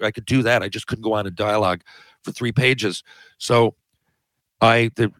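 A man's lowish, slightly bright voice stays fairly even as he speaks at a normal pace. As a podcast guest, he rambles through long anecdotes in casual chat, frequently cutting himself off and restarting. The recording is rough but echo-free.

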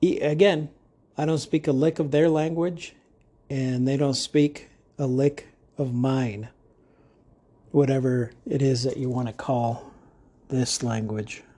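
Male podcast host, casual monologue, unhurried, dark mellow tone, joking asides. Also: medium pitch, steady tone, slightly rough. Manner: jokey, rambling with asides.

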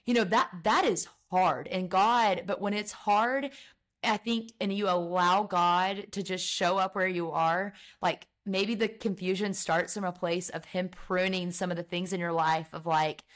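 A young woman appears as a podcast guest, chatting casually about faith and her book in an earnest, heartfelt manner with lots of fillers. Her voice is fairly low and fairly bright, with a steady tone and a measured pace.

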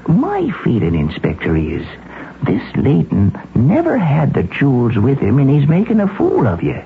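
A shrewd, self-assured police chief in an old-time radio drama, talking in a breezy, folksy way. His pitch swings widely. The old broadcast sounds thin and phone-like, with a faint hiss. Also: wildly swooping pitch, normal speed, gravelly. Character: confident, shrewd Boston police chief, middle-aged man.

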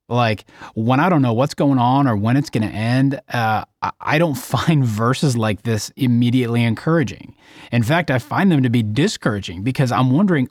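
Mid-pitched male host, candid and searching, dry studio sound. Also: normal speed, no echo. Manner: candid, searching, asks the others questions. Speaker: podcast co-host. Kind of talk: conversational faith discussion.

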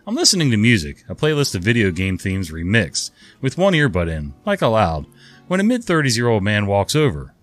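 Low-voiced, animated male story reader. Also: a little fast, faint music behind. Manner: wry, conversational, animated. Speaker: story narrator. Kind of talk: reading online stories with chatty commentary.

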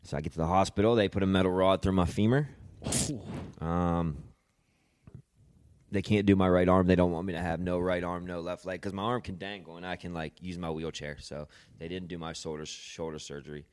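A young man recounts his own hard times as a podcast guest, his voice low and deep. He talks haltingly, doubling back on words and swearing in passing. The sound is close and dry, with no room around it. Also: steady tone, darkish tone, smooth, dry recording. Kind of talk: personal storytelling.

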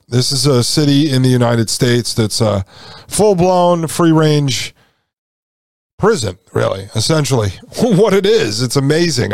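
A man's voice: medium pitch, no room sound, studio quality. A male podcast host rambling casually through a long story, full of fillers and asides.

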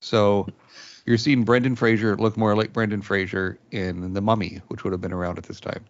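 Low-voiced man critiquing a movie. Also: level tone, moderate pace, muffled recording. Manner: critical, hesitant with fillers. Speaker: podcast co-host, film reviewer. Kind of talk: casual chat.

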